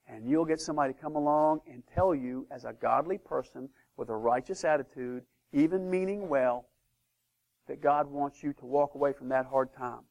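A man preaching a sermon as pastor of his church, emphatic, swinging between loud declarations and hushed asides. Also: mid-range voice, vocal fry.

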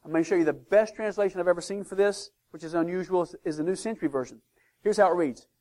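A man preaching a sermon as pastor of his church, emphatic, swinging between loud declarations and hushed asides. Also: high-pitched, fast talker.

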